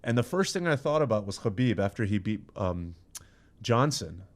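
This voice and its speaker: A man, a podcast guest, chatting casually in a studio and telling lively stories with frequent laughs and quick restarts. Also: lowish voice. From Iran. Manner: animated storyteller, laughs often, quick restarts. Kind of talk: casual chat.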